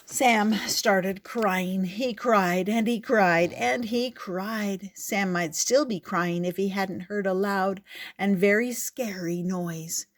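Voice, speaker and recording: An older woman reading a picture book aloud in a gentle, expressive way. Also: mid-range voice, takes it slowly. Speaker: storyteller.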